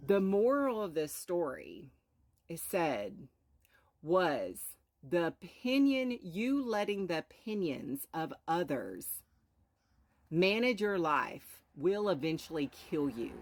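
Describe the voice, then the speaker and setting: A woman's voice: on the low side, big pitch swings, slow. A woman hosting a live stream, earnestly telling a moral story and sprinkling in rhetorical "right?"s. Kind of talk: inspirational storytelling talk.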